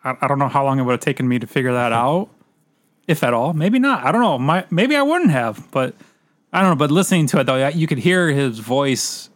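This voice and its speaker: A man's voice: medium pitch, animated, fast talker, dry recording. Co-host: male, hedging and hesitant, dry recording. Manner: hesitant, full of restarts and hedging. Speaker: podcast co-host. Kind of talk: casual chat.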